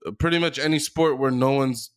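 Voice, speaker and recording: A man of middle pitch chats loosely on a podcast, piling up fillers and swear words as he thinks aloud. His voice sits plainly in the middle of the range. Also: steady tone, brisk, smooth. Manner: rambling, filler-heavy, profane. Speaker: podcast co-host. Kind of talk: casual chat.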